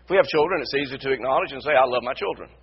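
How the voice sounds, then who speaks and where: A man preaching a sermon as pastor, repeating his phrases and building to loud emphasis. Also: medium pitch, racing, breathy edge, highs cut off. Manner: repetitive, builds to shouted emphasis. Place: church sanctuary.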